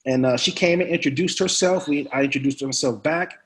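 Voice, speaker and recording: Animated man telling slangy stories. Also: brisk. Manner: mimics others with sharp pitch jumps. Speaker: actor guest. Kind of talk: casual storytelling interview.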